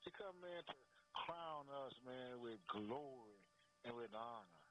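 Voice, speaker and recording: A man's voice: medium pitch, expressive, unhurried, sharp tone, a little hiss or hum, poor audio. Fervent male preacher calling out "boy". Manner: fervent, repetitive, peppers lines with "boy" and "man"; chuckles between phrases. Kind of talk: sermon.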